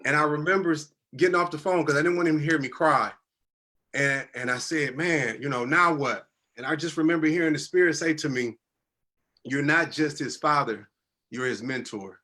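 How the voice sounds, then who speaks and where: Man, 30s, bright voice, earnest storyteller, teary-eyed, casual and heartfelt. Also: fairly high pitch, fairly quick. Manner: earnest, conversational, drops into quoted voices. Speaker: guest telling his life story. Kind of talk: emotional personal storytelling.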